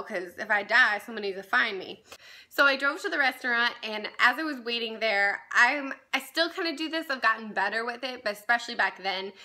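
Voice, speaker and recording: A woman's voice: medium pitch, bright, forceful tone. A young woman telling a personal story on her vlog in a casual, chatty way, full of "like" and "um" and little laughs at herself. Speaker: vlogger.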